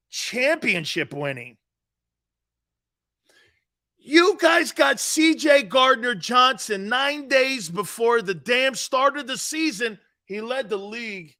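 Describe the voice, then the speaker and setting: A man's voice: very high-pitched, sharp tone. A middle-aged man hosting a live sports talk show, brash and opinionated, mocking pundits and laughing at his own points.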